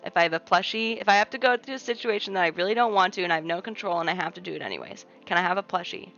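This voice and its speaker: Gentle, chatty young woman streamer. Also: on the low side, expressive, racing, gravelly. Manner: gentle, reassuring, chatty with many fillers. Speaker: livestream host. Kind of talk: casual chat reading viewer comments. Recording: muffled lo-fi stream audio with faint music. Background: faint background music.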